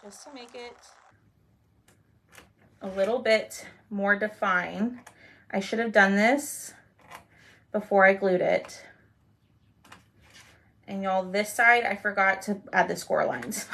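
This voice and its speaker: A woman's voice: mid-range voice, a little slow, vocal fry, pauses often, a bit bright. A woman hosting a casual crafting livestream, chatting and greeting viewers by name.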